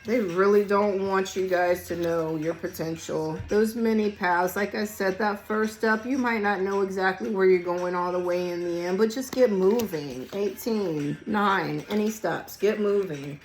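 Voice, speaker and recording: A hoarse woman, losing her voice, giving a casual collective tarot reading in a blunt, emphatic way and swearing freely. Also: mid-range voice, unhurried, hardly any pauses, a little hiss or hum, low-quality recording. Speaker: tarot reader. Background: song playing quietly.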